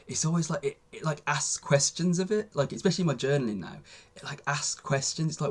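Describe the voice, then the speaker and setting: A man's voice: a little high, expressive, a little fast. A young man vlogging a casual, rambling monologue, with lots of fillers and restarts.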